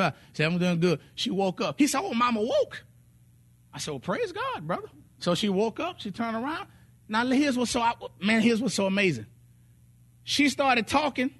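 A man preaching a sermon, telling testimonies with acted quotes and sung phrases. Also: sits high. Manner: animated storytelling, voices quotes, sings some phrases.

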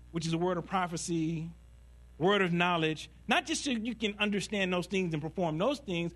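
A man preaching a sermon in a conversational, humorous way, asking rhetorical questions and slowing down for emphasis. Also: sits high, a bit bright. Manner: conversational and humorous, laughing at his own stories; rhetorical questions, dramatic slowdowns.

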